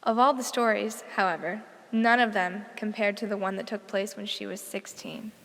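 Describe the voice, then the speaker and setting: A young woman from Pennsylvania giving a measured, scripted narration as the narrator of an audio essay. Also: mid-range voice, steady tone, fairly bright tone. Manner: measured, deliberate reading. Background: strong background music.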